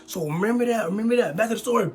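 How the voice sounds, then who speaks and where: A young man, telling a long storytime with slangy, repetitive, excitable talk. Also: high voice, very fast, slightly rough, soft background music. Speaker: storytime YouTuber. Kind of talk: animated storytime monologue.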